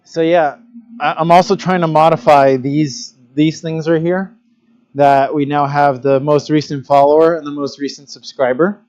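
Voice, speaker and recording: A man's voice: fairly high pitch, steady tone, normal speed, darkish tone, lo-fi sound. A man chatting casually during his own live stream as a glassblower, thinking aloud while he adjusts his stream settings. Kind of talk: casual livestream chat.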